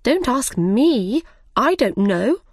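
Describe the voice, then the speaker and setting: Storybook heroine: woman playing a calm, unafraid young girl, lightly raised voice. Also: on the high side, measured pace, husky, no room sound, clean studio sound, pitched above the performer's own voice. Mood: unbothered. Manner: plain, a bit cheeky.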